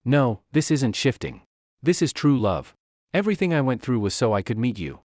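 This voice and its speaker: A man voicing an obsessive young female vampire, clingy and menacing, in a lively, dry recording. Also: medium pitch, moderate pace, no echo. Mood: adoring. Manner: clingy, then coldly possessive.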